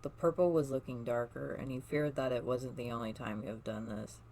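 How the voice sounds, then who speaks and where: Soft fan fiction reader, small slips. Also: mid-range voice, fairly even intonation, a little fast, rough recording. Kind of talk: reading a second-person fan story aloud.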